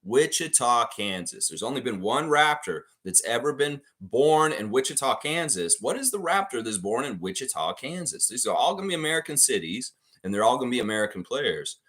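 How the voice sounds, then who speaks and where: A man's voice: medium pitch, sing-song, brisk, hardly any pauses, fairly bright tone. A man hosting a live trivia stream, reading out questions and answering the chat as he goes.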